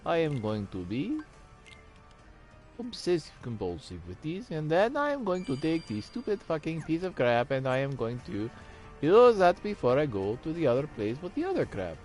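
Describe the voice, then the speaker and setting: A man's voice: fairly high pitch, huge pitch swings, normal speed, a little mellow, soft background music. Profane, ranting gameplay commentator man. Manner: crude, profane ranting at the game; mock-dramatic, sometimes sing-song. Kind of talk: let's play commentary.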